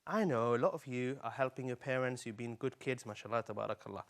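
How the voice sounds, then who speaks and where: A man hosting a live children's Quran lesson, speaking in an animated and coaxing way and repeating words slowly for young learners. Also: mid-range voice. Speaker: Quran teacher.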